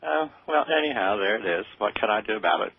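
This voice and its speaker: A deep, gravelly voice of an older man, answering interview questions in a modest, halting way. His voice is husky and sounds thin, as if heard over a phone line. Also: animated, no room sound. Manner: hesitant, modest, with many fillers. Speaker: interview guest. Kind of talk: radio interview. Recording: tinny phone-like radio sound.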